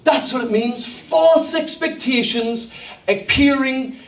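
A man's voice: very high-pitched, slow. An Irish man preaching a sermon as pastor, telling a story with emphasis and calling for responses. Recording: roomy hall, mic at a distance.

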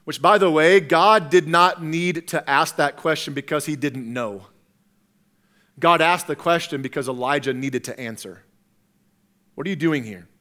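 Earnest high-voiced male pastor. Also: normal speed. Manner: earnest, swings from loud to hushed, repeats words. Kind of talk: sermon.

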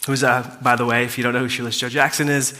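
Fast and forceful, a pastor's bright mid-range voice shows little pitch movement. He tells a story to his congregation in a reverberant church hall, keeping it conversational with fillers and asides to the people listening.

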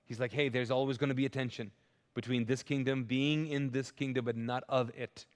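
A man's voice: mid-range voice, steady tone, fairly quick. A man preaching a live sermon as pastor, earnest and emphatic, often restarting his sentences. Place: large church auditorium. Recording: long hall reverb.

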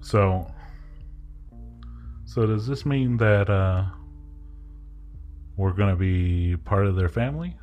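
A man's voice: lowish voice, slow pace, long pauses, highs cut off, faint music behind. A man voicing the eldest girl of a group of kids in a tabletop game, speaking hesitantly and politely.

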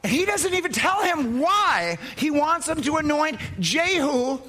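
High bright preacher guy, husky, emphatic storytelling sermon. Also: sing-song, unhurried. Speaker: pastor.

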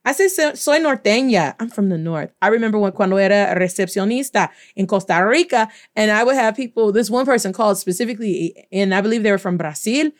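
Playful and animated, a Spanish teacher from the US leads a language lesson in a mid-range voice, slowly spelling out words letter by letter.

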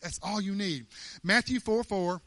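A man preaching a sermon in an animated, emphatic way, often laughing as he talks. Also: high-pitched, measured pace, no room sound.

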